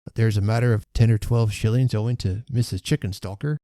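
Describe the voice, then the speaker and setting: A man's voice: fairly low pitch, fairly even intonation, a little fast, warm tone, no room sound, studio quality, close to an everyday voice. A man voicing a poor, nervous old porter who stammers meekly, raised well above his own voice, in a storybook reading. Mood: timid. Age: older. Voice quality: stammering, meek.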